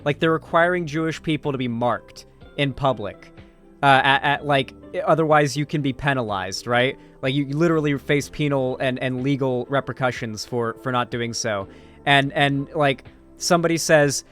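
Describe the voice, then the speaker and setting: A man's voice: medium pitch, moderate pace, a bit bright, soft background music. A man giving casual, profane political commentary on a livestream, loose and full of fillers.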